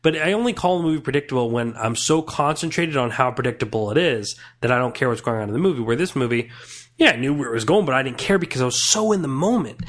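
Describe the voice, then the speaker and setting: A man's voice: medium pitch, lively intonation, quick pace, fairly bright tone. A young man giving a casual, earnest film review on a podcast, rambling and restarting his thoughts.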